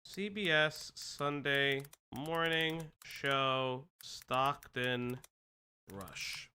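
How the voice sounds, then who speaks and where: A stream host from the United States giving excitable casual commentary, swearing and restarting sentences. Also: medium pitch, drawn-out words, clear, resonant tone.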